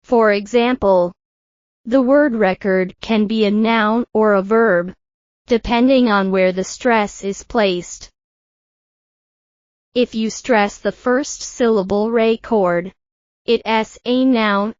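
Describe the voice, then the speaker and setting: A woman teaching an English pronunciation lesson in a scripted style, modelling words slowly and clearly for the learner to repeat. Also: medium pitch, dry recording, dull audio. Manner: slow, deliberate, models words for repetition.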